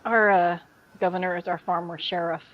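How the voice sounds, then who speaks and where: Woman, podcast host, animated storytelling, muffled lo-fi sound. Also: lowish voice, a little fast. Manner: animated storyteller, mimics people she describes. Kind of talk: casual chat.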